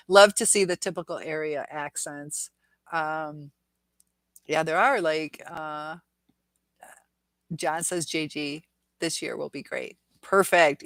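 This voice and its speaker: A woman with a low, gravelly, slightly bright voice hosts a casual live stream, slowly reading viewer comments aloud. She rambles, chats, and laughs often, and there's no room sound.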